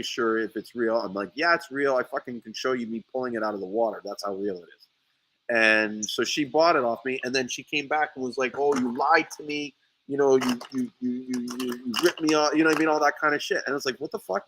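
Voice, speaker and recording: A man in casual podcast chat, telling an animated story with frequent swearing and restarts. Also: medium pitch, rough recording. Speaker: sea moss seller. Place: St. Lucia.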